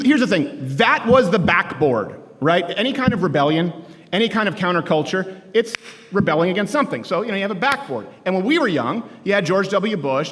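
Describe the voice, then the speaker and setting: A man from Canada delivers a comedic political talk to students. His voice sits high and bright for a man, and he is animated and joking, breaking into shouts. Long hall reverb follows every line. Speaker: speaker addressing college students.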